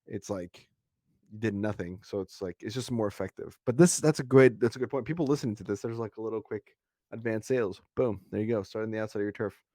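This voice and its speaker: A male podcast host explaining things in a relaxed, coaching way in casual conversation. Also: lowish voice, fast, no room sound, studio quality.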